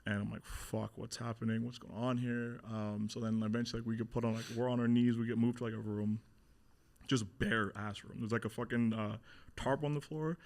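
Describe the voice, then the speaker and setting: A man's voice: mid-range voice, level tone, brisk, vocal fry, a little mellow. A man in his thirties telling his story as an interview guest, blunt and swearing often, acting out what people said. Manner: blunt, swears a lot, acts out quotes.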